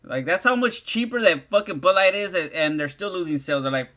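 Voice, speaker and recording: A man's voice: fairly high pitch, expressive, quick pace, few pauses, bright, forceful tone. A man, chatting casually on a livestream, rambling and swearing in heavy slang. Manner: profane, slangy, rambling, keeps saying "dog".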